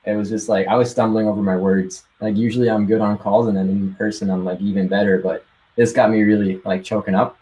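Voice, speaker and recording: A young man with a lowish voice tells his story in a loose, excited rush, laughing often and dropping casual swears. He sounds like he's chatting on a live call with friends. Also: a little fast, low-quality recording. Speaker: guest sharing success story.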